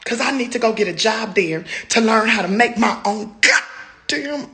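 A woman ranting into her phone camera in casual speech, swearing and breaking into high-pitched wails and shouts. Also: normal speed. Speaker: comedian venting on social media. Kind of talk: ranting selfie video.

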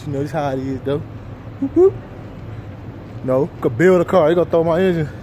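A man's voice: fairly high pitch, very fast, dark tone, a little hiss or hum. Hyped man vlogging at a car show. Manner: hyped slangy street talk, addressing viewers. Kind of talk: casual vlog walk-through. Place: outdoors at a large car show.

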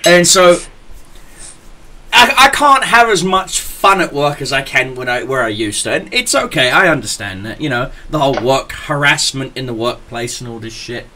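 Man, podcast host, lively bright voice, rambling crude stories, faint hiss. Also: mid-range voice, moderate pace. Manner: rambling anecdotes, loud laughing, stammering restarts. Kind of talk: casual chat, storytelling.

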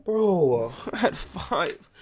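High, excitable young man gaming. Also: extremely slow, a little hiss or hum. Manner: jumpy and loud, yelling and trash-talking. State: out of breath. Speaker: gaming YouTuber. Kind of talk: excited horror game commentary.

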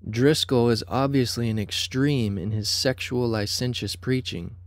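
A man giving scripted documentary narration in a measured, critical way. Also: medium pitch, darkish tone, no echo.

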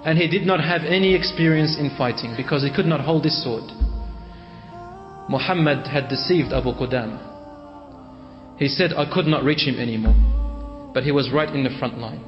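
A man's voice: on the high side, normal speed, pauses often. A male preacher dramatically retelling a religious story, voicing its people in quoted speech and mixing in Arabic phrases. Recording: echoey hall, dull lo-fi sound, faint music.

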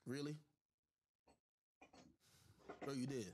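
A man on a livestream telling a personal story in an animated, profane way, addressing his viewers with lots of asides. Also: mid-range voice, slow pace, a little hiss or hum. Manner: animated and profane, with constant "I'm like" asides to the audience. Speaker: livestream host.

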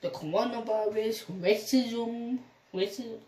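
A woman's voice: a little high, steady tone, slow, dark tone, a little hiss or hum. A young woman vlogger telling a storytime in a rambling way, acting out the phone calls she quotes. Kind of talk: storytime vlog. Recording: echoey room, mic at a distance.

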